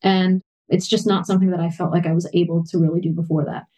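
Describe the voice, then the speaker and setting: A woman's voice: lowish voice, level tone, fast talker, dark tone, low-quality recording. A woman in her thirties, a parent and podcast guest, speaking reflectively in a candid interview, often saying "you know.".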